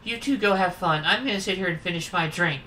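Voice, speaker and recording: A friendly young woman speaks in an easy, affectionate way, as a streamer reads her lines. The tone is bright, and the pitch sits a little higher than the reader's own. Faint ambience stays in the background. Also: fast, far from the mic, slight background noise, close to an everyday voice, rough recording. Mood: relaxed.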